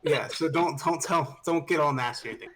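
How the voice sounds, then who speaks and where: A man's voice: a little high, fast, fairly bright tone, slight background noise. Young man, podcast co-host, rambling party storyteller, swearing, casual.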